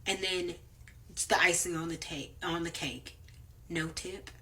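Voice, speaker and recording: A woman's voice: on the low side, measured pace, bright, forceful tone. A woman delivery driver ranting to camera in a blunt, profane, angry way.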